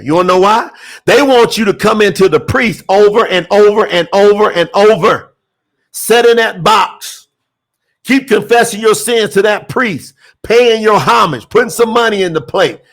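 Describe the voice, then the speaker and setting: A man preaching an impassioned sermon, repeating phrases for emphasis and reading scripture slowly. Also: high-pitched, fairly bright tone. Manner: reads scripture slowly, word by word. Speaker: preacher promoting a scripture translation.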